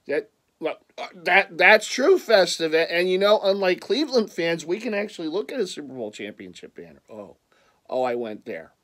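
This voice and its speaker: A man's voice: high voice, sing-song, normal speed, pauses often, fairly bright tone. A man with a Philadelphia accent, chatting casually on his vlog about his purchases and rambling with lots of stammered restarts and playful teasing. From Philadelphia area. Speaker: vlogger.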